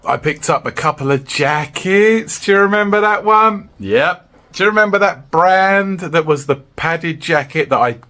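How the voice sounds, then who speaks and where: A man casually chatting to camera about his resales, jokey and upbeat, addressing viewers as guys. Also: measured pace. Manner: chirpy, jokey, keeps saying "guys", swings high when excited. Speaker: reseller vlogger.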